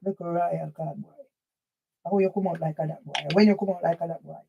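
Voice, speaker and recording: Jamaican lady vlogging, says the same lines over and over, gets loud sometimes. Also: on the low side, steady tone, a little fast, gravelly, dull audio, background noise. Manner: repetitive chanting, at times shouting. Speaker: channel host. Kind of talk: casual vlog monologue.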